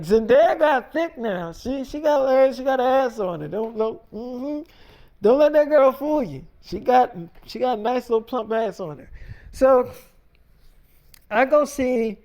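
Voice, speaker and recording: A man's voice: extremely high pitch, darkish tone. A man telling a long casual story in a rambling, slangy way, full of fillers and repeats. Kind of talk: casual freestyle storytelling monologue.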